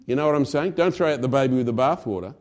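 A male pastor preaches a sermon conversationally, swinging between loud emphasis and quiet asides. His voice is mid-range and his delivery rapid-fire.

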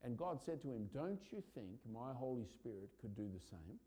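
A man, a pastor, preaching a sermon with impassioned urgency that builds to loud peaks. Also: medium pitch, sing-song, normal speed.

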